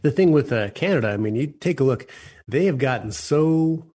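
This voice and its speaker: Husky-voiced opinionated radio host. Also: male voice, medium pitch, lively intonation, normal speed, dark tone. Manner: blunt, opinionated, jokey. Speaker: radio talk show host. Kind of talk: radio talk show chat.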